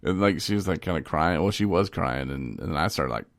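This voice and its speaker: A man's voice: sits low, expressive, brisk, vocal fry, dry recording, studio quality. A man co-hosting a casual recovery talk show, telling stories with laughs and acting out phone calls in a rambling way. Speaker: podcast co-host. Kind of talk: casual chat.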